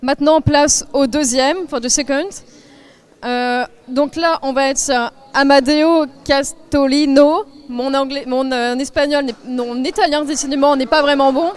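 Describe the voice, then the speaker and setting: High-voiced French woman presenting live. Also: steady tone, moderate pace. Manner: chatty, self-deprecating, stumbles over names. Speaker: on-site event presenter. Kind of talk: live podium ceremony presenting.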